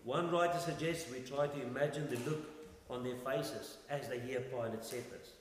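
A man preaching a sermon, swinging between loud and soft and asking rhetorical questions. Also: medium pitch, steady tone, normal speed, slight background noise. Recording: echoey hall with long reverb.

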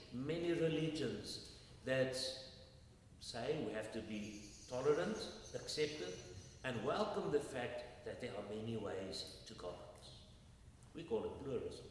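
A man preaching a sermon, emphatic and fond of rhetorical questions put to his congregation. His voice sits at an everyday pitch and comes from some way off the mic. A long, booming hall reverb and a faint hiss of room noise surround him. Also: recorded from a distance.

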